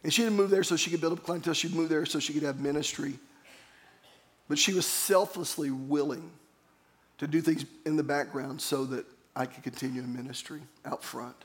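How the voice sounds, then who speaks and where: Earnest male pastor preaching a sermon. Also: fairly high pitch. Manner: earnest, storytelling, calls for congregation responses.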